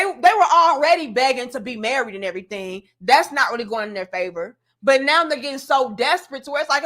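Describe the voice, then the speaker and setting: A sassy woman host delivers commentary with a high, bright, sharp voice. She talks emphatically and preaches her points with punchy repetition. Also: lively intonation, brisk, hardly any pauses. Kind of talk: reaction commentary.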